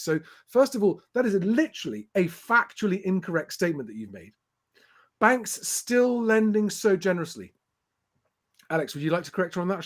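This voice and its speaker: Emphatic man rebutting comments. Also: high-pitched. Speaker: host. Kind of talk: casual live-stream commentary.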